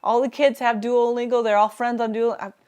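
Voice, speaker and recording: A woman co-hosting a live Q&A stream in an upbeat, conversational way. Her voice sits a little high, and she chimes in often with quick exclamations and reactions. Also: little pitch movement, darkish tone, clear, resonant tone. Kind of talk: casual live-stream chat.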